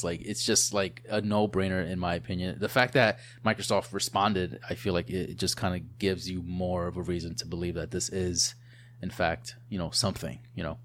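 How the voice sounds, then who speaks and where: Casual co-host, a man in his thirties with a very low voice; loose, rambling delivery. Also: a little fast, slight background noise. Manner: relaxed, rambling, many fillers and restarts. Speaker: podcast co-host. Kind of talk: casual chat.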